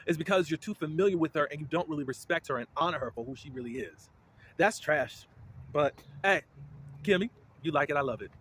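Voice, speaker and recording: A man giving casual, blunt commentary as a reality TV recap host, with indignant, animated reactions. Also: fairly high pitch, slight background noise.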